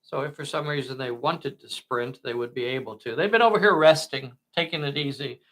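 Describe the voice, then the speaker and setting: A man whose first language is not English, narrating a tabletop miniatures game with slow, dramatic play-by-play. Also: medium pitch, fairly bright tone.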